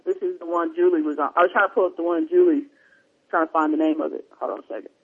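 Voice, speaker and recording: Man, talk show host, rambling casual chat, husky high voice, dull lo-fi line. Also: steady tone, quick pace. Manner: rambling, distracted, loose. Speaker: podcast host. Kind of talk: casual chat, reading listener emails. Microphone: headphones, remote line. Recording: dull lo-fi sound.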